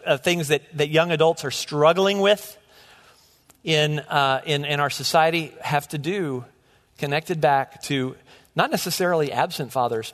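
Middle-aged male pastor, earnest sermon, somewhat high voice, long church reverb. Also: fairly bright tone. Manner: earnest, with frequent restarts and repeated words. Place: church sanctuary.

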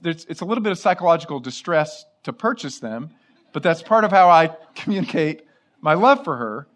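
A middle-aged man preaching, with a somewhat high voice. He tells stories in an animated, conversational way and acts out the people he quotes. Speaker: pastor. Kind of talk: sermon with personal stories.

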